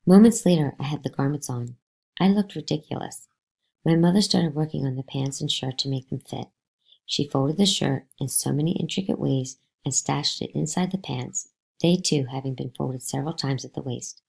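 A woman reading a novel aloud to a class, lively, with pitch jumps on the spoken lines. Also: moderate pace, creaky, husky.

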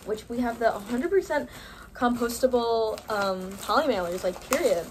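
A young woman filming an unboxing haul vlog, gushing and gasping with excitement over each item. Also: mid-range voice, a little slow, slight background noise. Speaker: vlogger.

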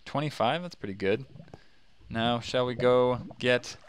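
A man hosting a gaming channel, talking to himself in casual, excitable commentary as he plays. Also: mid-range voice, unhurried, slight background noise. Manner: chatty, excitable, talks to himself while playing.

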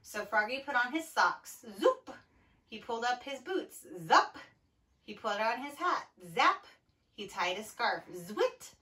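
A woman's voice: fairly high pitch, animated, moderate pace, few pauses, sharp tone, far from the mic, rough recording. A woman teacher reading a picture book aloud to young children, cheerful and encouraging. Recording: voice from away from the mic.

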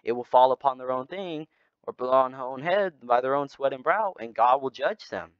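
A man's voice: medium pitch, lively intonation, moderate pace, clean tone, no echo, lightly acted. A man playing a sly scheming prophet. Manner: conspiratorial, persuasive. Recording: slightly dull lo-fi sound.

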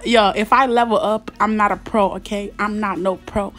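A young woman commenting on her mobile game in a chatty, slang-heavy way, breaking into excited squeals and shouts. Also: medium pitch, normal speed, few pauses, soft background music. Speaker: gaming YouTuber. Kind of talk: casual gameplay commentary.

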